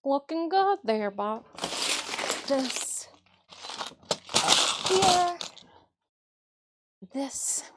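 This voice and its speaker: A woman from Michigan chats to her stream audience while she works on a cosplay at an indoor craft table. She mutters to herself between remarks to her viewers, and her high voice swings up and down a lot. She laughs often and speaks at an unhurried pace. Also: heavy background noise. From Michigan, USA. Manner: chatty, mutters to herself and talks to chat. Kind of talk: casual livestream chat while crafting.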